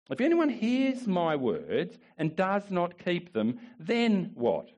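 A male pastor preaching a sermon with emphatic repetition, swinging between rising declarations and quiet asides. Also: high voice, big pitch swings, slow pace, few pauses. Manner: emphatic preaching, repeats phrases, rises and drops in volume.

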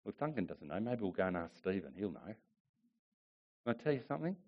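A male pastor preaching a sermon with emphatic repetition, swinging between rising declarations and quiet asides. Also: deep voice, sing-song, fast talker, highs cut off. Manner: emphatic preaching, repeats phrases, rises and drops in volume.

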